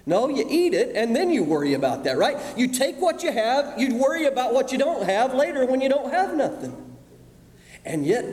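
High-voiced preacher man in an echoing hall. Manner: dramatic, swings from loud emphasis to hushed asides. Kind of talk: sermon. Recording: echoey hall with long reverb.

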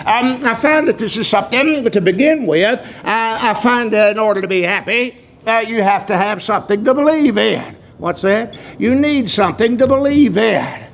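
An older preacher delivers his sermon in a high-pitched voice, unhurried and folksy, full of drawn-out pauses. A faint rumble sits underneath the recording. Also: animated, creaky. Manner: folksy storytelling, drawn-out pauses with many uh fillers.

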